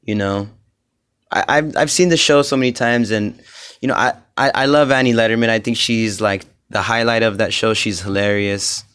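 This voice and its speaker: A man's voice: fairly low pitch, fairly even intonation, moderate pace, clean tone. A young man hosting a solo podcast, rambling with lots of fillers and swearing, getting heated as he goes. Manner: rambling, profane, many fillers; grows heated and loud. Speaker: podcast host.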